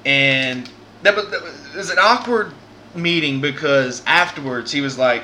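Podcast host, male, keen storyteller, rambling and earnest, very bright, somewhat high voice. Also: moderate pace, slight background noise. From Southern United States. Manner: earnest, rambling, many restarts.

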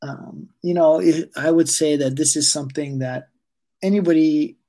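A man, a yoga teacher being interviewed, speaking calmly and haltingly with many fillers as he guides a breathing exercise. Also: on the high side.

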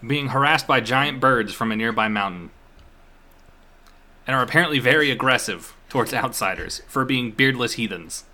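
A young man from Eastern Kentucky talks through a fantasy setting in casual chat, wandering with fillers and restarts. His voice is bright and forward, set at a middle pitch. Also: lively intonation, normal speed. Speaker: game master. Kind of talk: casual chat about worldbuilding.

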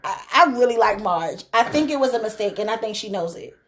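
A woman's voice: mid-range voice, lively intonation, a little fast. A woman co-hosting a podcast, chatting casually and emphatically about a reality show and laughing often. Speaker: podcast co-host. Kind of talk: casual reality-TV recap chat.

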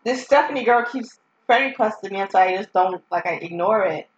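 A woman co-hosting a podcast in casual chat, playful and full of questions, often pausing on fillers. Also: medium pitch. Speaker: podcast co-host. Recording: echoey room, dull lo-fi sound.

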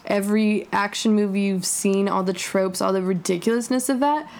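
A woman's voice: medium pitch, steady tone, moderate pace, a little mellow. A young woman in casual conversation, enthusiastic and exclamatory, full of fillers. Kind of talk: casual podcast chat about movies.

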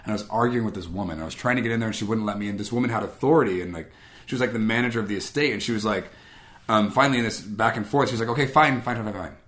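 Man, from Guam, personal storytelling, quick pace, lowish voice, conversational, acts out quotes. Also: fairly bright tone. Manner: conversational, acts out quoted dialogue, frequent "like" and "I was like". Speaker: speaker sharing a personal testimony.

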